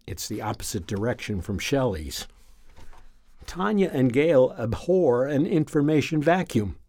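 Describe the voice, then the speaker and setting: A man reading a first-person story aloud in a calm, measured, reflective way. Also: mid-range voice, no room sound. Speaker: narrator.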